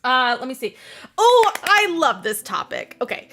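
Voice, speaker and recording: A young adult woman hosting a casual book podcast. She talks in an animated way, laughs often and acts out scenes as she tells them. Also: sits high, moderate pace, creaky. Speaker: podcast host. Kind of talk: casual chat about books.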